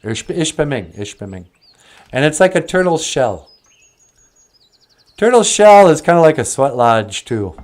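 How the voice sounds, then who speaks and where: A man hosting and telling traditional stories in a slow, musing, casual way, laughing often. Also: fairly high pitch, sing-song, darkish tone. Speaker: storyteller and host. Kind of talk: casual storytelling.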